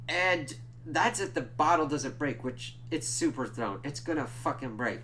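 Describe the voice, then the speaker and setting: A man giving a casual, profane review of a TV episode, ranting in exasperation and breaking into loud outbursts. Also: fairly high pitch, animated, normal speed, few pauses.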